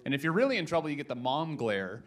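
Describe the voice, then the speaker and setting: A man's voice: on the high side, very animated, quick pace. A young adult man, a pastor, giving a casual, joking sermon in a church and telling a story with lots of restarts.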